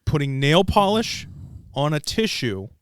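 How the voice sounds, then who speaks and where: A young man hosting a podcast in casual chat, emphatic and animated, repeating words for stress. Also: on the high side, moderate pace, clean tone. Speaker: podcast host.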